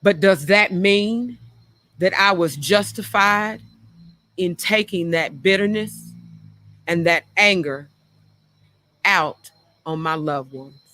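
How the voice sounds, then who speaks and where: A woman's voice: fairly low pitch, takes it slowly, long pauses, bright, forceful tone, no room sound. A middle-aged woman hosting a talk show, speaking frankly and earnestly about her own past and repeating phrases for emphasis. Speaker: show host. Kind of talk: reflective personal talk.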